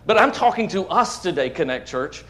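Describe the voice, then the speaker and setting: A man preaching a sermon to his church, emphatic, swinging between loud declarations and hushed asides, often repeating words. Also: high voice, sing-song, normal speed. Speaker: pastor. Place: church sanctuary.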